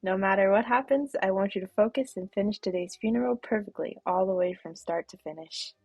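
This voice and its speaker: A woman voicing a boastful, teasing male guardian angel with old-man energy while reading game dialogue aloud, in a gravelly, husky voice. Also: medium pitch, a little fast, a little mellow, no echo, faint music behind. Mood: wheedling.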